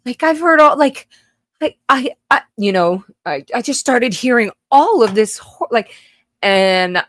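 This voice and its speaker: A woman with a fairly low voice recounts her childhood to a livestream audience. She talks haltingly, full of restarts and fillers, and can turn blunt and profane. The sound is dry and close, with no room around it. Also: fairly bright tone, no echo. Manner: blunt, swears. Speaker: livestream host telling her own story. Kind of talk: casual personal storytelling.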